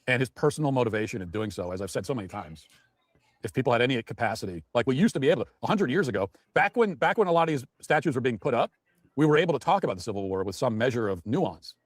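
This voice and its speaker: A man's voice: mid-range voice, animated, quick pace, dry recording. A man giving heated, mocking political commentary. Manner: indignant, mocking, ranting.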